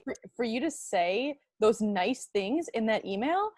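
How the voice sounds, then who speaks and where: A woman's voice: on the high side, expressive, measured pace, darkish tone, no room sound, clean studio sound. A woman co-hosting a podcast who reacts emphatically and speaks her mind in casual chat. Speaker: podcast co-host.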